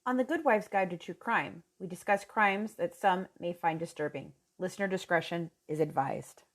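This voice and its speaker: A woman's voice: lowish voice, moderate pace. A woman reading a scripted podcast intro in an upbeat announcing manner. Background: faint music.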